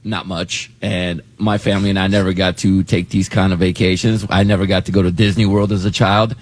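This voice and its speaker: A man's voice: sits low, little pitch movement, fairly quick, no echo. A man hosting a morning radio show, chatting in an upbeat way while losing his voice. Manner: upbeat, chatty, laughs easily. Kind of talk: casual morning radio banter.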